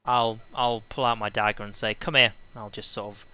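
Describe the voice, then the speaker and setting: A man's voice: lowish voice, level tone, fairly quick, over a noisy crowd. A man playing a tabletop game, hesitant and stumbling as he describes his moves. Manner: hesitant, restarts often. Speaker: player.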